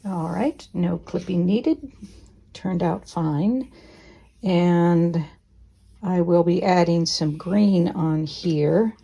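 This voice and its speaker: Slow, gravelly-voiced woman quilting. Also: fairly low pitch. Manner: relaxed, thinking aloud, gentle asides. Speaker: quilting teacher. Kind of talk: casual sewing tutorial.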